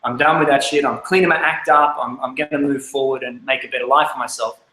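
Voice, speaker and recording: A man in his thirties with an Australian accent telling his life story, candid and lively as he acts out his younger self. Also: medium pitch, quick pace, reverberant, low-quality recording. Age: 30s. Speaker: speaker. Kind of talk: personal life story talk.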